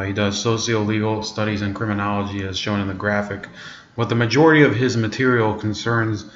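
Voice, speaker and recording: A man's voice: lowish voice, fairly bright tone, a little hiss or hum. A man hosting a casual commentary on news clips, rambling and full of fillers and restarts. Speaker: commentary host. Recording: echoey room, dull lo-fi sound.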